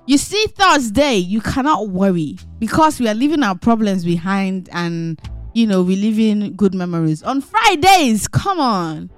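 A woman's voice: medium pitch, normal speed, no echo, soft background music. Playful woman radio host. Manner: animated, teasing, jokey. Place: radio studio.

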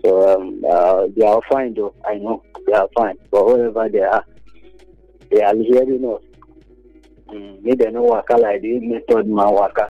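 A man with a Nigerian accent calling in to a radio show, speaking haltingly with many pauses and bits of pidgin. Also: on the low side, expressive, creaky, no echo, faint music behind. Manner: halting, hesitant, mixes in pidgin. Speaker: caller. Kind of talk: casual phone-in chat. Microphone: telephone. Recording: dull dry phone line.

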